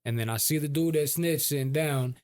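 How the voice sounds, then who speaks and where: A man co-hosting a podcast, rambling through a story in a relaxed, profane way. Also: a little high, fairly quick, background noise. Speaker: podcast co-host. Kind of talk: casual storytelling.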